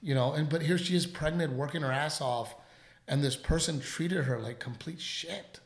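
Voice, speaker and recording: A radio host telling a story in casual chat, rambling and animated, with plenty of fillers. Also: male voice, fairly high pitch, normal speed, reverberant.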